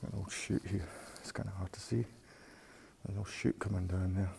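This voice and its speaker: Guy rambling on an outdoor explore, deep flat voice, noisy camera audio. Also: normal speed, gravelly. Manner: casual, rambling, talks to viewers as guys. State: a bit out of breath. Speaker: urban explorer vlogger. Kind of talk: walking tour commentary. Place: outdoors at an abandoned brickworks.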